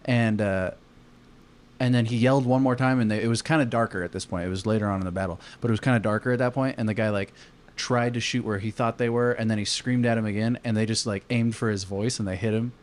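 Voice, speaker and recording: A man's voice: fairly low pitch, fairly even intonation, fast. A man from Arizona telling a long story on a casual podcast, rambling with lots of fillers and swearing. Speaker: podcast co-host.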